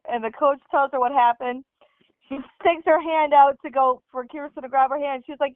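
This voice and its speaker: A woman's voice: high voice, steady tone, fairly quick, no echo. A young woman rambling through a family story as a guest on a casual podcast. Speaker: guest sister. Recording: tinny phone-like sound, dry.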